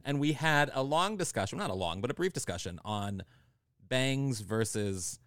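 A man co-hosting a podcast in casual chat, playful and quick to laugh. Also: medium pitch, smooth, no echo, studio quality. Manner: animated, playful, laughs often. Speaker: podcast co-host.

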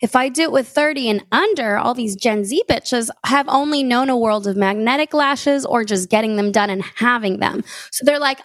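A woman in her thirties, a stand-up comedian, chatting casually as a podcast guest and telling profane, animated stories with acted-out bits. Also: fairly high pitch, moderate pace, hardly any pauses, no room sound.

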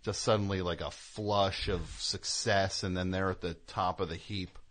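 A man's voice: low-pitched, moderate pace. A man hosting a call-in comedy radio show, bantering casually and slipping into exaggerated impressions. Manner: animated, jokey, slips into exaggerated impressions.

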